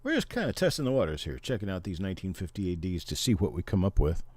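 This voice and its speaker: A middle-aged man hosts a casual livestream, explaining things to viewers in an easy, chatty way. His voice sits very low and sounds mellow and dark. The sound is dry and close, with no room echo. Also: very animated, fast. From Missouri, Oklahoma and Memphis, Tennessee. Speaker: livestream host.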